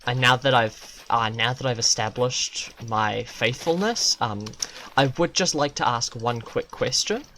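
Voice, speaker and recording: A man's voice: mid-range voice, measured pace, bright, forceful tone, a little hiss or hum. A man streaming a video game, rambling through absurd, profane jokes in live commentary.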